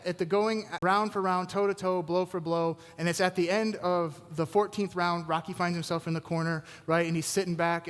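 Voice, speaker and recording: Energetic preaching man in a reverberant church. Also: on the high side. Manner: energetic, conversational preaching with fillers. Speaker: pastor. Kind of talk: sermon.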